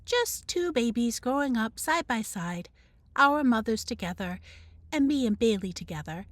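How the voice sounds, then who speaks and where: Expressive woman reading a children's book. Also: a little high, no echo. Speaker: teacher. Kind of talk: reading a children's novel aloud.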